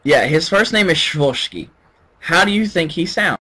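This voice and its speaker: Brief: man with a fairly high voice, reading posts aloud to friends on a voice chat, joking around. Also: lively intonation, moderate pace, bright, forceful tone, breathy edge. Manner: joking, laughs often while reading. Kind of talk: casual voice chat among friends.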